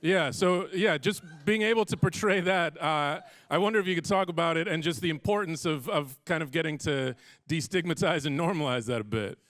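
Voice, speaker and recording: A man moderates a stage panel, posing questions in a friendly, unhurried way. He pauses often with "uh," and his voice sits a little high for a man. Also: fairly bright tone. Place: auditorium stage.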